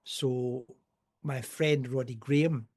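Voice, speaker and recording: An older man talks at a mid-range pitch as a podcast guest. He tells rambling stories with dry, wry asides, in a relaxed conversational way. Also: slow. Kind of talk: casual storytelling.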